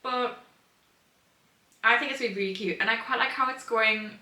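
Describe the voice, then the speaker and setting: A young woman chats about her reading in a casual vlog, gushing and excitable and full of fillers. Her voice is bright and forceful. She sits back from the mic in a roomy, echoey room. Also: a little high, moderate pace. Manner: chatty and gushing, many fillers, excitable outbursts. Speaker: book vlogger. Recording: roomy sound from a distant mic.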